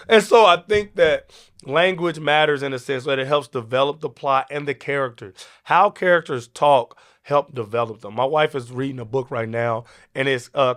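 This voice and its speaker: A man hosting a podcast, talking in a casual, animated way with many restarts and an African American English lilt. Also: a little high. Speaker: podcast host. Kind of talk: casual teaching talk.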